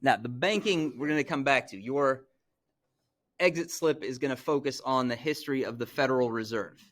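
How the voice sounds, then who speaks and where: A man's voice: medium pitch, normal speed, a bit bright. A middle-aged man from Missouri lecturing as a teacher, talking conversationally and checking in with "right?" as he goes. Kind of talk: classroom lecture.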